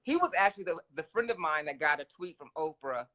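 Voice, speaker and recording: Bright-voiced reflective man co-hosting. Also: a little high, expressive, quick pace. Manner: reflective, spiritual, conversational. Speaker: co-host. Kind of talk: casual talk show chat.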